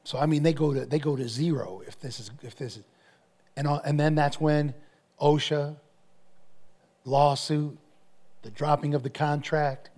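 A man's voice: on the high side, fairly even intonation, moderate pace, long pauses, darkish tone. A male pastor preaching a sermon, telling stories with energy and often repeating his phrases.

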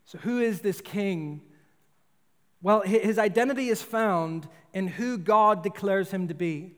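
A man's voice: high voice, measured pace. A man preaching a sermon in earnest, often repeating words and restarting phrases as he goes. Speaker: pastor. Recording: long hall reverb.

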